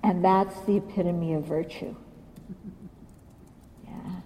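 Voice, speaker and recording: Brief: blunt, unhurried woman giving a dharma talk, pitch a touch high, recorded with long hall reverb. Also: lively intonation, warm tone. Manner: blunt, questioning, acts out quotes. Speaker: Buddhist teacher.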